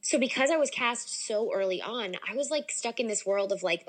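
A young adult woman telling a story as a podcast guest in a casual, animated way, with lots of "like" fillers. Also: fairly high pitch, normal speed. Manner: animated, many "like" fillers, excitable.

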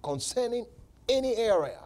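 A man's voice: extremely high pitch, sing-song, normal speed, darkish tone. A male pastor preaching a sermon, repeating phrases and laughing between points. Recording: live church service.

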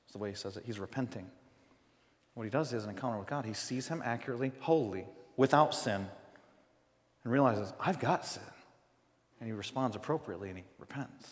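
Conversational pastor preaching in a reverberant hall. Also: male voice, medium pitch, a little fast, pauses often. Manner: conversational, swings from loud emphasis to hushed. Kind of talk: sermon. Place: church sanctuary.

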